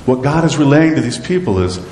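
A man preaching a sermon as pastor, animated and asking his congregation rhetorical questions. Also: mid-range voice, brisk, a little hiss or hum. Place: church sanctuary. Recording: echoey church hall with long reverb.

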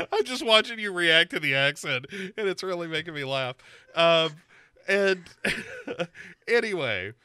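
A man's voice: high-pitched, expressive, unhurried, sharp tone, smooth, no room sound. A man co-hosting a casual comedy podcast, recapping a TV show and jokingly acting out the characters. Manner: jokey, acts out characters in silly voices. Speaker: podcast co-host.

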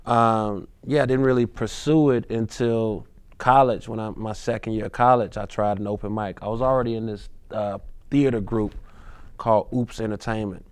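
A man in his thirties with a fairly low, smooth, resonant voice, chatting casually as an interview guest. He talks in a relaxed, rambling way, backing up and restarting his sentences as he goes. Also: normal speed. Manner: laid-back, rambling, with restarts and trailing phrases. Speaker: stand-up comedian as interview guest.

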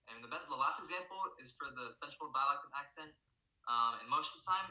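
Man, bright tone, roomy echo, relaxed student presenter, lots of fillers. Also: medium pitch. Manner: relaxed, filler-heavy, often says "right?" and "so yeah". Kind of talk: casual explanatory presentation. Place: indoor room, virtual showcase recording.

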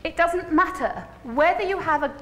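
High-voiced woman giving a hall keynote. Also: normal speed. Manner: animated, humorous, coaxing the audience to join in. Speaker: keynote speaker. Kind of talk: conference keynote talk. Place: large conference hall. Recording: echoey hall, faint ambience.

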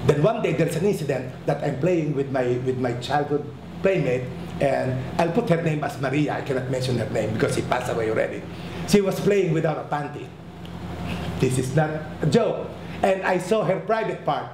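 A man's voice: on the high side, moderate pace. A man in his sixties from the Philippines, telling his life story candidly and with profanity, often stammering over restarts. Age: 60s. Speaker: documentary subject. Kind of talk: personal storytelling. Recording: echoey room with background noise.

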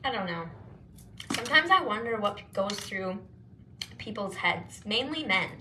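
A woman's voice: medium pitch, lively intonation, unhurried, bright, forceful tone, slight background noise. A young woman vlogging while doing her makeup, telling a long story in a chatty, rambling way, saying "like" constantly and acting out her side of the conversations. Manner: calls herself non-confrontational, rambling and exasperated.

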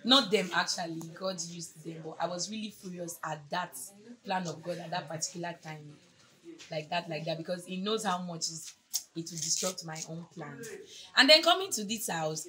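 A woman's voice: lowish voice, sharp tone. A young woman with a Nigerian accent giving an earnest, rambling farewell tribute at a fellowship gathering, laughing between phrases. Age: young adult. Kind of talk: heartfelt tribute speech. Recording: noisy crowd around speaker.

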